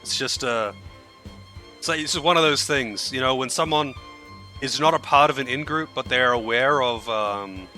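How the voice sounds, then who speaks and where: Bright-voiced Australian streamer. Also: male voice, medium pitch, normal speed, soft background music. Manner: chatty, rambling, swears casually. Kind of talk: casual gameplay commentary.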